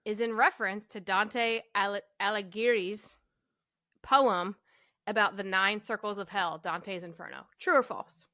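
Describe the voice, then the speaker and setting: Bright, playful woman co-host. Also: mid-range voice, unhurried. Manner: teasing, laughing, playful. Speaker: podcast co-host. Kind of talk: casual chat.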